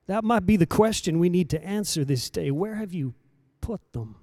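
A man preaching a sermon with dramatic delivery, dropping to hushed lines and rising to loud declarations. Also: high voice, expressive, normal speed, hardly any pauses, no room sound, clean studio sound. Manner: dramatic, swinging between soft and loud emphasis.

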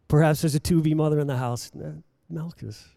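A high-voiced male preacher gives a dramatic, fast-paced sermon with fairly even intonation, shifting from soft, hushed moments to loud, urgent appeals. He hurls rhetorical question after rhetorical question at the audience. The recording is dry and close-miked, with no echo.

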